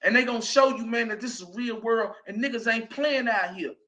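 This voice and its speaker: Southern guy hosting, preachy pep talk, real high bright voice, gets loud. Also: brisk. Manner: preachy and emphatic, rising to shouts. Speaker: show host. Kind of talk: motivational monologue.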